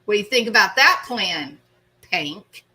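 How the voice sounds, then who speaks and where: A woman hosting a casual live stream, chatting with her viewers by name in an animated way and often laughing. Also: medium pitch, unhurried, slightly rough. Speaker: host.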